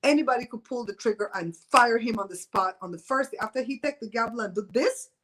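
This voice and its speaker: A woman's voice: fairly high pitch, a little fast, a bit bright, a little hiss or hum, low-quality recording. A woman in her fifties from Belize, chatting casually with viewers on her livestream, loose, teasing and opinionated. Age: 50s. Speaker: livestream host. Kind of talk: casual live-stream chat with viewers. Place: home.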